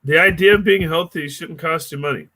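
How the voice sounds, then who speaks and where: A man's voice: a little high, brisk, bright, forceful tone. A man from the United States, a comedian and producer, joking and swearing freely while chatting in a podcast interview.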